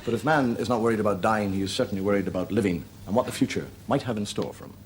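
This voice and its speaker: A man, a comedian hosting, delivering a stand-up monologue and telling jokes briskly while voicing the characters. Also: fairly low pitch. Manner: brisk, animated joke telling with voiced characters. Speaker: comedian host. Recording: old TV recording with audience noise.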